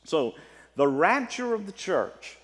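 A man preaching a sermon as pastor, animated, with a rising and falling delivery. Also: sits high, takes it slowly. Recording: long reverb of a large hall.

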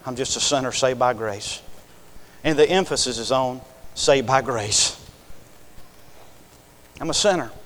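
A man preaching a revival sermon, swinging from loud, impassioned scripture reading to hushed, intimate appeals. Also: sits high, long reverb tail. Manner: reads scripture in King James wording with fervor.

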